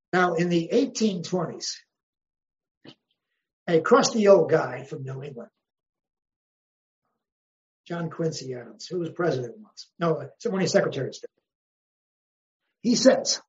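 A man's voice: fairly high pitch, lo-fi sound. A man, a history professor, speaking as an interview guest in an emphatic, wry way and posing rhetorical questions. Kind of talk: conversational interview.

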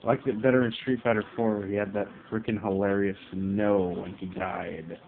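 A low-voiced man talks his way through a fighting game, grumbling at his opponents and shouting out attack names as he plays. His voice comes through a tinny, phone-like mic with a faint hiss behind it. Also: level tone, normal speed, creaky. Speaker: let's play gamer. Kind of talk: gameplay commentary.

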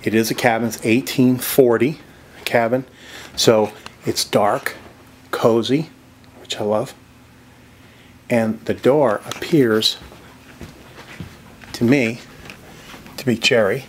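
A man's voice: medium pitch, steady tone, slow, pauses often, slight background noise. A man giving a casual, enthusiastic walking tour of a cabin by a creek, talking to the viewer as he goes. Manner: chatty, enthusiastic, drops into soft whispers indoors. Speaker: real estate vlogger touring a property. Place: outdoors by a creek and inside a log cabin.

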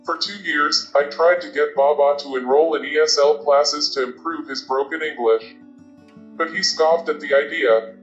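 A man reading a novel aloud as an audiobook narrator, with a steady, even storytelling delivery. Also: a little high, normal speed. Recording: roomy, dull lo-fi sound. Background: faint guitar music.

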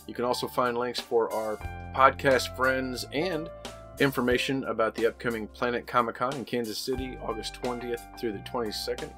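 Folksy podcast host, man, casual sign-off, mid-pitched, guitar music under voice. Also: steady tone, normal speed, sharp tone. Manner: friendly, folksy.

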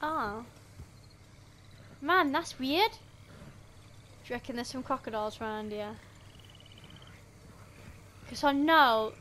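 Speaking slowly with long pauses in a high, fairly bright voice, the Black Country gaming vlogger rambles and laughs a lot over in-game voice chat at home, using a headset mic. Slight background noise is present.

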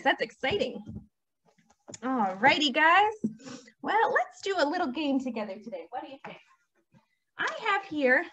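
Young female librarian, high voice, slow sing-song toddler-storytime delivery; dull lo-fi sound. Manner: animated, sing-song, talking to small children. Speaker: children's librarian.

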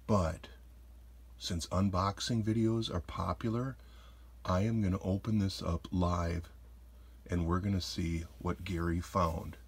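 A man's voice: low-pitched, breathy edge. A man collector hosting an unboxing video, calling out each find and exclaiming with delight. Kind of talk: unboxing vlog.

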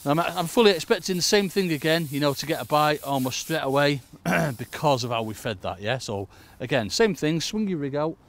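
Out by a chilly lake, a man from the United Kingdom talks listeners through casual fishing tips, repeatedly calling them "folks." His voice is on the high side, expressive and a bit bright, and he moves a little fast with few pauses.

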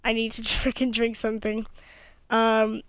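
Speaking into a gaming headset, a young woman with a slight lisp gives tired, cranky commentary over her own gameplay, muttering asides to herself. Her slightly high voice is monotone and measured, and the audio is clean with no room sound.

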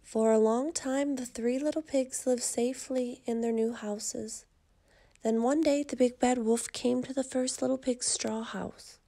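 A woman narrating a children's story in a measured, expressive way. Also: a little high, creaky.

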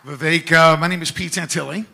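Hoarse man from Ohio, gravelly and sharp-edged, speaking up urgently from a town hall floor. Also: a little high, fairly even intonation, a little fast. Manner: fired-up, emphatic, pushes his points hard. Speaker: audience questioner at a town hall. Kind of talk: impassioned public statement.

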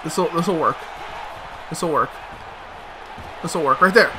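A man's voice: on the high side, slow pace, long pauses, crowd noise. A man commenting on his own gameplay, muttering to himself, swearing in frustration and breaking into sudden outbursts. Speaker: let's play host.

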